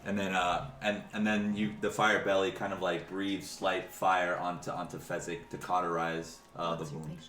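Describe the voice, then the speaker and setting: A man's voice: deep voice, flat delivery, normal speed, few pauses, a bit bright, a little hiss or hum. A man narrating as dungeon master, rambling with frequent restarts. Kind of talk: narrating a tabletop game. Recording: roomy echo, faint music.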